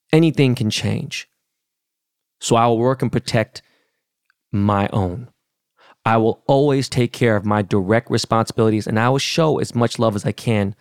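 A middle-aged man from Los Angeles hosts his podcast in a blunt, heated, profane rant. His voice carries a gravelly fry at mid pitch. The sound is close and dry, with no room around it. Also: dry recording. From Los Angeles, California. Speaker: podcast host. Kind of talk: casual rant.

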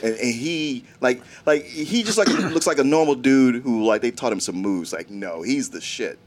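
A man's voice: mid-range voice, expressive, normal speed. A man co-hosting a casual movie talk, easygoing and chuckling, sometimes quoting characters. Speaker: movie review podcast co-host. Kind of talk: casual chat.

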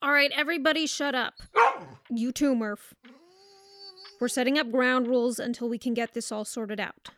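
A woman's voice: fairly high pitch, steady tone, normal speed, pauses often, a bit bright, natural voice. A woman in an audio drama, playing a blunt, commanding woman who sets the rules. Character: bossy woman who can't do accents.

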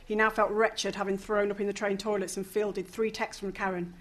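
A woman reading a novel aloud, lively, with casual asides and the odd chuckle. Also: medium pitch, brisk. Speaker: reader.

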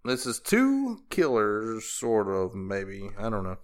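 A man's voice: on the low side, huge pitch swings, slow. Rambling, joking male podcast co-host. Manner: rambling storytelling with laughter and crude jokes. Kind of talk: casual chat.

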